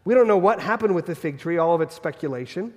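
A man's voice: a little high, lively intonation, fast talker, darkish tone, big-room sound. A man preaching a sermon as pastor, earnest and fond of repeated rhetorical questions.

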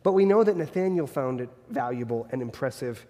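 A man's voice: mid-range voice, animated, fairly quick, dark tone, big-room sound, dull audio. A man preaching a sermon as pastor, earnest and fond of repeated rhetorical questions.

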